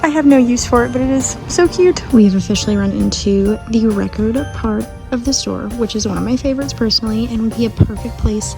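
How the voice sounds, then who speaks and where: A woman's voice: fairly high pitch, brisk, vocal fry, hardly any pauses, over music. A young woman, chatting enthusiastically to camera as a vlogger. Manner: chatty and enthusiastic, gushing over finds. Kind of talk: casual vlog chat.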